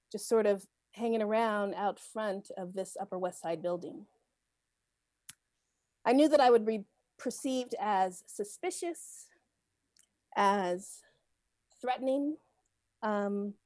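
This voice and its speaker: A middle-aged woman giving a personal testimony as a guest speaker at a synagogue service, earnest and measured, pausing often. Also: mid-range voice, a little mellow, no room sound. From United States. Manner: earnest, measured, with frequent pauses and fillers.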